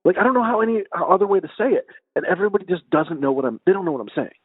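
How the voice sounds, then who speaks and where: A man's voice: high-pitched, animated, rapid-fire, breathy edge, no echo. A man co-hosting a casual podcast, mumbling a bit with a slightly nasal voice and swearing freely as he laughs at himself. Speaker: podcast co-host. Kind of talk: casual chat. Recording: tinny phone-like call audio.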